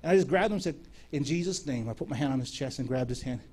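A man preaching, telling a lively story and acting out the dialogue of the people in it. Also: medium pitch, very fast. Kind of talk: sermon storytelling.

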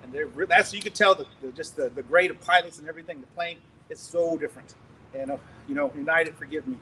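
A middle-aged male preacher telling a story in a sermon, animated and laughing, acting out scenes loudly. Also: on the high side, fast talker, a little hiss or hum, poor audio.

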